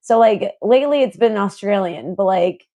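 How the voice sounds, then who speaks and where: A warm, medium-pitched voice at a normal pace belongs to a young adult woman co-hosting a casual podcast. Her speech meanders, packed with fillers and restarts, and she often breaks into laughter.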